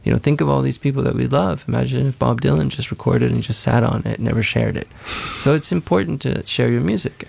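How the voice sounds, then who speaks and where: A musician guest in a casual interview talks earnestly and ramblingly, often restarting and correcting himself. His mid-range voice is creaky with a darkish tone, and the recording has no room sound.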